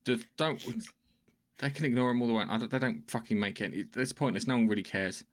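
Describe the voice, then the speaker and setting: A man's voice: medium pitch, quick pace. A man co-hosting a podcast in casual chat, blunt and sweary. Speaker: podcast co-host.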